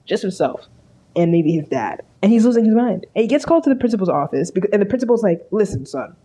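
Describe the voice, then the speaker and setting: A woman's voice: mid-range voice, sing-song, fast talker, mellow. A woman co-hosting a podcast in casual chat, slangy and swearing freely, often laughing. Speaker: podcast co-host.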